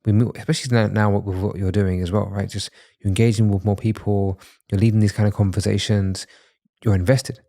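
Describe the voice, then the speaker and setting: A man with a lowish voice speaks as a guest on a podcast in a room. His tone is earnest and reassuring, reflective as he chats casually. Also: flat delivery, a little fast, dark tone. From London, England. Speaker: masculinity coach, podcast guest.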